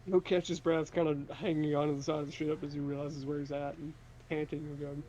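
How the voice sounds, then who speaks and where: A man's voice: a little high, flat delivery, brisk, warm tone. Man narrating his character on a dull mic. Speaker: player. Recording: dull lo-fi mic with faint noise.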